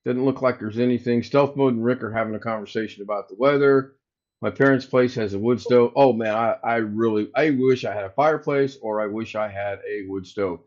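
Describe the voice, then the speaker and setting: Man telling a story on a livestream, lo-fi. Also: medium pitch. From United States. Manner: animated, acts out both sides of a phone call. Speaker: livestream host. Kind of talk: casual storytelling to live chat. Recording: slightly dull lo-fi sound.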